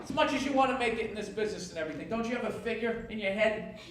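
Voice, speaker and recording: A male stand-up comedian with a high voice fires off a sarcastic, profane rant on stage at rapid speed. The recording is echoey, distant and loud with noise, and the audience laughs in the background.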